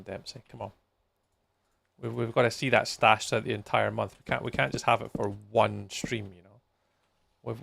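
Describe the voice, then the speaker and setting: Gravelly-voiced man streaming. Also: fairly low pitch, a bit bright, slight background noise. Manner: chatty, talks to viewers while playing. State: tired, yawning. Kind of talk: live gameplay stream chat.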